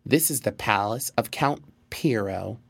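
A man's voice: on the low side, expressive, unhurried, creaky, husky, no echo, exaggerated voice. A sly clever fox, as a man reads him. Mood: smooth courtly. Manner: urgent, scheming.

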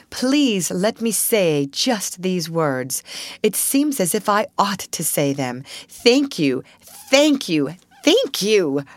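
Woman reads a grateful young girl: bright, coaxing, animated, dry close sound. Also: mid-range voice, dry recording.

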